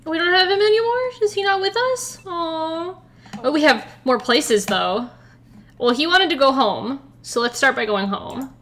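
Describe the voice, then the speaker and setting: A woman's voice: high voice, animated, measured pace, fairly bright tone, slight background noise. A woman streaming a game, giggly and playful in casual chat.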